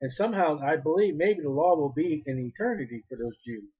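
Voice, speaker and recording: Guy preaching a sermon, kinda high husky voice, fervent, repeats himself, dull lo-fi sound. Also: lively intonation, a little fast. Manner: fervent, repeats phrases, rises to cries when quoting.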